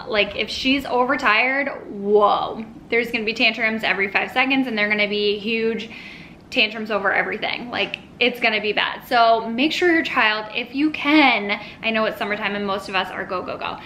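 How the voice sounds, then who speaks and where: A woman with a fairly high, bright, crisp voice chatting casually to camera as a parenting vlogger. She talks in an easy, rambling way with lots of little asides, a faint hiss running under the recording. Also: moderate pace, rough recording. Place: at home with her toddler nearby.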